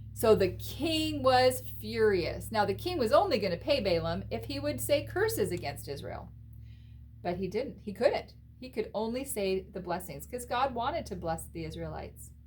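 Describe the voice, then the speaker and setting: A woman teaching a children's Bible lesson, telling the story in an animated, expressive way and asking the listeners questions. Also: fairly high pitch, measured pace, a little hiss or hum.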